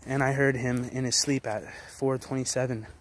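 A man's voice: mid-range voice, little pitch movement, normal speed, slight background noise. Profane, fiery young man ranting. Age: 20s. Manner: profane, blunt and forceful, with repeated restarts. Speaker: vlogger. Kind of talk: intense motivational rant.

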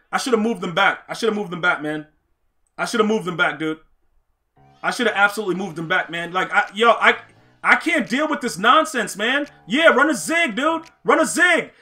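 A man with a high, sharply bright voice gives live commentary over his own football gameplay. He trash-talks, answers his viewers, and bursts into shouts when a play goes wrong. Faint music plays underneath. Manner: chats with viewers while playing. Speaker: gaming streamer.

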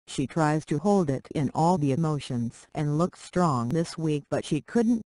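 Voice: mid-range voice, animated, a little slow, mellow, no room sound. A narrator reading a short story aloud, speaking punctuation marks like "dot dot dot" literally.

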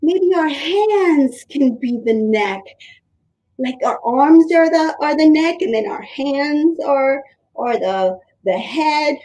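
A young woman leading a creative drama warm-up for small children, animated and sing-song, with playful animal noises. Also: sits high, takes it slowly, rough recording.

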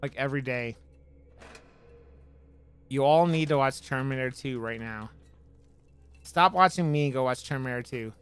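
A man's voice: medium pitch, normal speed, pauses often, fairly bright tone, smooth. A man streaming a horror game, joking with his chat and swearing as he plays. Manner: profane, joking, talks back to chat. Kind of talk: casual let's-play commentary.

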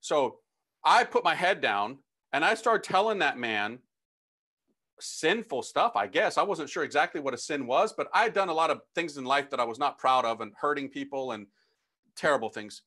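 A middle-aged man, a priest, telling his conversion story as a lively, slangy testimony talk and acting out the dialogue. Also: a little high, normal speed.

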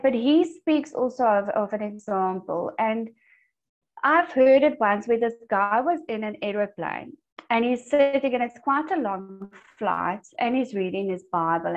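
A woman leading a Bible study, a church discipleship group, teaches and tells stories earnestly over a video call. Her fairly high, expressive voice moves at a moderate pace, and the online call audio is dull and lo-fi.

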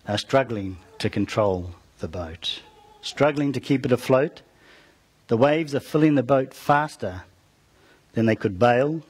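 A man's voice: mid-range voice, darkish tone, breathy edge. A man preaching, retelling a story to his congregation and calling out to them as he goes. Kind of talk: storytelling sermon.

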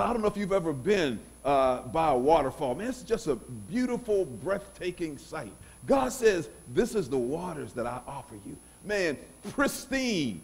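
A middle-aged male pastor preaching a sermon in a church. His voice rides a lively, animated pitch that sits slightly high for a man, and he drops to near-quiet asides before rising to loud bursts. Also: breathy edge.

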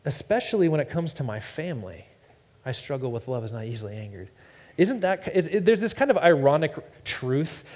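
A man's voice: a little high, expressive, normal speed, darkish tone. A man in his thirties preaching a sermon as pastor, telling stories casually and stumbling over repeated words. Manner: casual storytelling, repeats words, self-deprecating. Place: church sanctuary. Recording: long reverb in a church hall.

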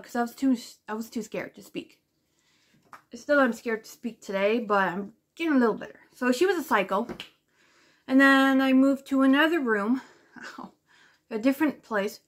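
A woman with a fairly high-pitched voice tells a story straight to her camera in a loose, rambling way. She swears freely and leans on "like" fillers. She sounds animated and indignant as she goes. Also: moderate pace. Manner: rambling and profane, full of "like" fillers; animated and indignant while retelling. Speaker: vlogger.

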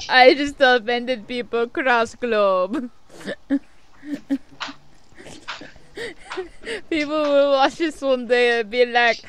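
A woman's voice: high-pitched, very slow, long pauses, a little hiss or hum. A woman casually commenting on a game she is playing, reading the game text aloud and often breaking into giggles. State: sleep deprived. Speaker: let's-play host.

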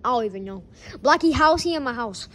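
A woman's voice: a little high, expressive, fast, a bit bright. A woman improvising a plushie skit, voicing every character and switching voices, often scolding.

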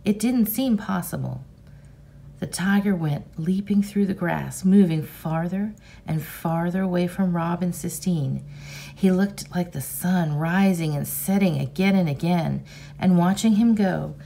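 A woman teacher reading a novel aloud in an unhurried, expressive storybook manner. Her voice sits fairly low with a gravelly, creaky texture, and a faint hiss lies behind it.

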